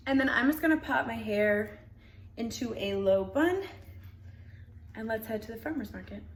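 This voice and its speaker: A woman's voice: on the high side, expressive, normal speed, slightly rough. Bubbly young woman vlogging. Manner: chatty, bubbly, laughs often. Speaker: lifestyle vlogger. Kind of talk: casual vlog chat to camera. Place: home, then outdoors.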